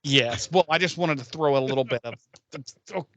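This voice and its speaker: A man's voice: mid-range voice, moderate pace, a bit bright, no echo. A man hosting a podcast, recapping a TV episode in a rambling, profane, casual way with laughing asides.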